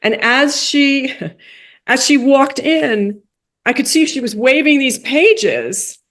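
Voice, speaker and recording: A woman being interviewed, telling a story in a lively way that acts out quoted dialogue with big jumps in pitch and drops into soft, quiet asides. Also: slow. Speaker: guest, coach for rabbis and playwright.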